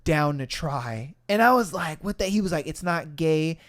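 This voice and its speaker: A man's voice: on the high side, normal speed. A young man hosting a podcast, telling a story in casual chat with lots of swearing and acted-out quotes. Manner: animated, swearing, acts out voices in quotes. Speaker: podcast host.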